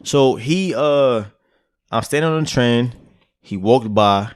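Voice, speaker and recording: A man spins a loose, rambling story for a podcast, his voice at an ordinary middle pitch. He keeps checking in with his listener as he talks, and the sound is close and dry with no room around it. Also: slow, clean tone, dry recording. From Brooklyn, New York. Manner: loose, rambling anecdote full of "like" and "right?". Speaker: podcast co-host. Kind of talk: casual storytelling chat.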